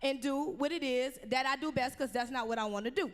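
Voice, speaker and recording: A defiant male prophet who wants no part of his mission, talking casual and slangy. A woman plays him in her own high voice. The sound rings out with the long reverb of a large hall. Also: a little fast, close to an everyday voice.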